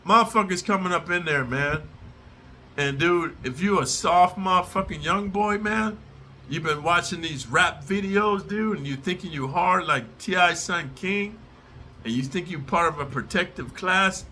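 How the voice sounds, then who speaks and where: A middle-aged man delivers a confrontational, profanity-laced rant straight to his viewers. His voice is strikingly tense and cutting, pitched a little high. A faint ambient hum sits under the voice. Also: unhurried, bright, forceful tone. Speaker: prison storyteller channel host. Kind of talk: profane direct-to-camera rant.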